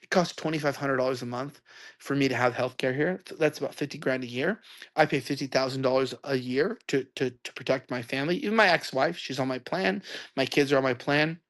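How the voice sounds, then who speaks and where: A man telling a long rambling story in a loud, ranting way. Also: mid-range voice, brisk. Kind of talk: ranting monologue.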